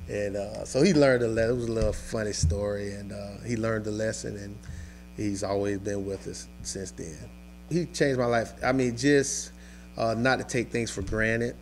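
A man, a high school football coach, recalling a lost team member in a halting interview with many pauses and fillers. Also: fairly even intonation, vocal fry, soft background music. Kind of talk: emotional interview recollection.

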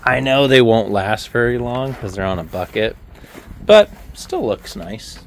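A chatty man talks through his work at an equipment yard, thinking aloud and joking at himself. His voice sits at an ordinary middle pitch. Loud engine and vehicle noise fills the background of this outdoor recording. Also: expressive, unhurried. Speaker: equipment dealer vlogger. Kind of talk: casual vlog narration while working.

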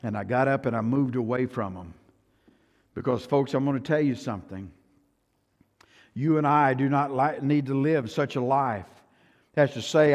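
An older man with a Texan accent preaching a sermon as pastor, swinging from hushed to loud and often repeating himself. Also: mid-range voice, normal speed, pauses often. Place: church sanctuary. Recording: long church hall reverb.

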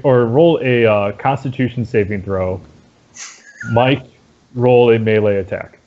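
A man narrating as dungeon master in a relaxed, halting way with many fillers. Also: mid-range voice, slight background noise. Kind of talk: narrating a tabletop game. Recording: dull lo-fi audio.

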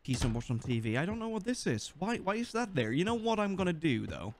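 Lively Swedish man commenting on a game. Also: sits high, fast talker, slight background noise. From Sweden. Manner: animated, joking, talks to the game. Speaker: gaming YouTuber. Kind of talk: let's play commentary.

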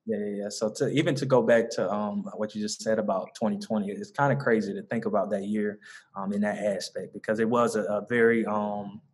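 A young adult man from the American South, with a Southern accent, tells an interviewer about the mentoring organization he founded. He rambles earnestly with many fillers and restarts and laughs easily, speaking a little fast in a fairly low, steady voice.

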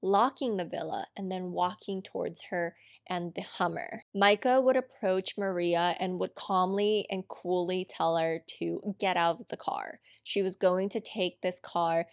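A woman's voice: fairly low pitch, fairly even intonation, measured pace, gravelly, hardly any pauses, no echo. A woman narrating a true crime case in a conversational storytelling way, adding her own asides.

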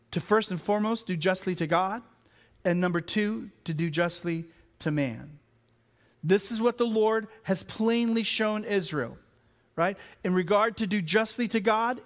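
A man, a pastor and parent, preaching an animated sermon that swings between loud exclamations and quiet, slowed emphasis, often repeating his words. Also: high voice. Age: adult with children.

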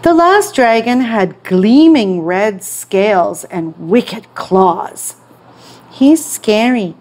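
Woman storytime teacher reading a picture book; slow, clear, expressive. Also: mid-range voice. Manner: expressive, clear read-aloud.

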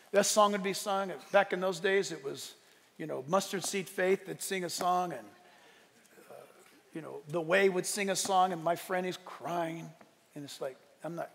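Male pastor, high and gravelly, lively conversational sermon with sudden shouts; long church-hall reverb. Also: normal speed. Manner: animated, conversational storytelling with bursts of shouting. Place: church sanctuary.

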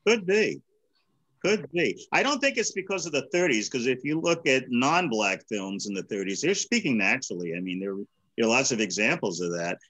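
A man's voice: medium pitch, sing-song, brisk, pushed and bright, low-quality recording. A man presenting a discussion series, talking in a thoughtful, hesitant way with restarts over a video call. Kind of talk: casual group discussion.

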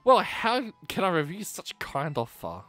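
A man's voice: high-pitched, wildly swooping pitch, a little slow, fairly bright tone, soft background music, pitched above the performer's own voice, exaggerated voice. A man reading aloud the lines of a formal, polite male academy director in a video game, in a courteous, apologetic way.

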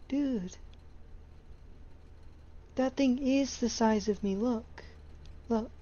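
A woman's voice: fairly high pitch, very slow, warm tone, muffled recording, a little hiss or hum. A young woman streamer giving live commentary on a horror game, rambling anxiously and exasperatedly about how much she hates what she sees.

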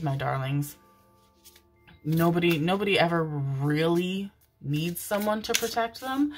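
A woman's voice: low-pitched, expressive, measured pace, creaky, music in the background. A woman giving a casual tarot reading, chatty and affectionate, swearing freely as she goes. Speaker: tarot reader.

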